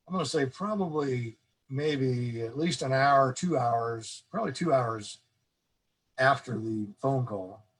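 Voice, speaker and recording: On a low-quality recording, a man with a medium-pitched, slightly rough voice is interviewed as a former ranch fairgrounds manager. In this casual storytelling interview he tells long, rambling anecdotes, often restarting and laughing.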